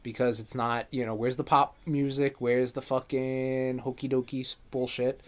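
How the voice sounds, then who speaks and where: A man co-hosting a casual podcast, rambling and animated, swearing freely as he chats. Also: mid-range voice, normal speed. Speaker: podcast co-host. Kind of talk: casual chat.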